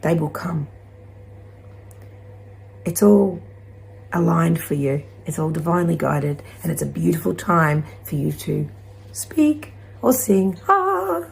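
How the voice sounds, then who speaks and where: A woman giving a gentle, encouraging spiritual card reading to her viewers, rambling at times. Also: low voice, slow pace, gravelly, pauses often. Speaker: intuitive card reader.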